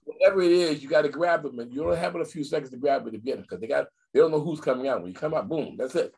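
An older man, a guest magician in casual video-call chat, telling stories in an animated way and repeating phrases for emphasis. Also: fairly high pitch, very fast, creaky, breathy edge.

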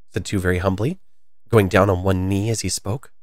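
A man reading a classic children's story aloud in a lively, expressive way. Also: deep voice, normal speed, no room sound, studio quality.

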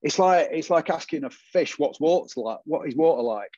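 A man's voice: on the high side, normal speed, dry recording. Man telling his story, muffled sound. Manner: animated storytelling, acts out quoted voices. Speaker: guest. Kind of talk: casual interview chat.

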